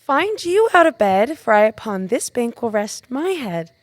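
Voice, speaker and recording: A woman's voice: fairly high pitch, very animated, unhurried, no room sound. An actress playing a modest young noblewoman in a college stage play, earnest and pleading. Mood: coy.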